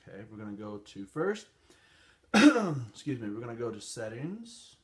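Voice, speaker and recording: A man's voice: medium pitch, sing-song, normal speed, a bit bright, slight background noise. A man hosting a casual tech review, chatty and rambling with fillers as he talks through phone settings. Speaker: channel host.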